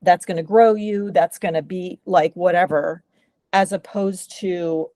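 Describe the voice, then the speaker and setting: A woman's voice: on the low side, steady tone, unhurried, mellow, dry recording. Woman thinking aloud on a call. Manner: reflective, thinking aloud, many fillers. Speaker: call participant. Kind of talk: casual chat on a video call. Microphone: video call.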